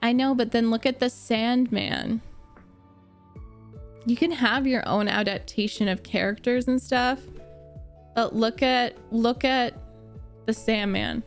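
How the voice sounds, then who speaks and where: A young woman streams a casual chat with her viewers, her voice sitting a little high as she gushes and laughs between thoughts. She takes her time and lets each remark unfold slowly. Soft music plays faintly underneath. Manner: gushing and animated, laughs often, answers chat comments. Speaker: streamer reacting to a book series.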